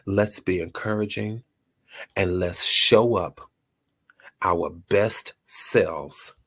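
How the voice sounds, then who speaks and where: A man's voice: sits low, drawn-out words, fairly bright tone. A man hosting a motivational talk, earnest and repeating his phrases for emphasis. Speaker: host.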